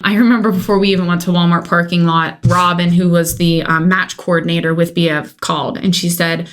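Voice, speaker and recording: A woman's voice: on the low side, fairly even intonation, a little fast. A woman in her thirties shares her own adoption story on a podcast. She talks in a casual, emotional storytelling way and slips into the voices of her family when she quotes them.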